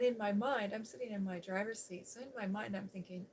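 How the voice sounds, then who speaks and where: A middle-aged woman, an ASMR host, telling a personal story in a soft, chatty way. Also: mid-range voice, brisk, few pauses, poor audio. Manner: soft-spoken, chatty with fillers. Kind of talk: softly spoken personal storytelling.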